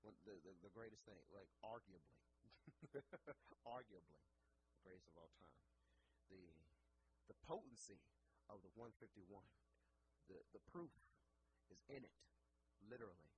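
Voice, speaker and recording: A man voicing a grown man who praises his rum in a hushed, mock-reverent tone, pitched low and soft. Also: animated, normal speed, long pauses, lightly acted. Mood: mock-solemn. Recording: noisy background ambience.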